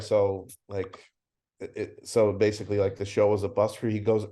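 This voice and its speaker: A man's voice: fairly low pitch, normal speed. A middle-aged man, a convention founder, telling stories in a casual interview and acting out the dialogue in them. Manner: animated storyteller acting out dialogue.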